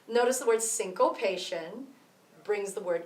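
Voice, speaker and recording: A woman teaches rhythm step by step, counting out the beats, in a voice that is a little high yet darkish in tone. She is expressive and somewhat slow. The sound is roomy and echoing, with her voice set back from the microphone.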